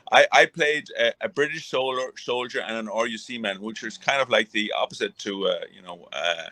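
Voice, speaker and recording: A man's voice: on the low side, moderate pace, pushed and bright. A middle-aged man, a retired boxer, rambling through a casual interview with many restarts and fillers. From Ireland.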